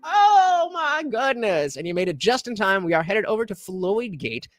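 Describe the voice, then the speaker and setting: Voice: mid-range voice, expressive, a little fast. A live-stream host giving sarcastic commentary on clips and thanking viewers for donations.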